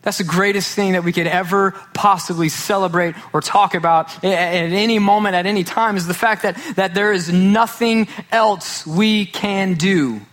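A male pastor delivering a sermon in a somewhat high voice. He talks emphatically and circles back to key phrases to drive them home. His delivery is insistent and steady. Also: normal speed, few pauses.

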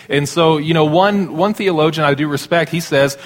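A man in his thirties preaching a sermon as pastor in a church sanctuary, conversational and self-deprecating with quick asides. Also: fairly high pitch. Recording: long hall reverb.

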